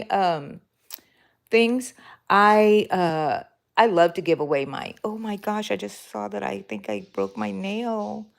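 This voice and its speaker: A woman with a medium-pitched voice and vocal fry hosts a crochet live stream. She crochets while chatting casually and answering viewer comments, rambling with fillers and self-corrections.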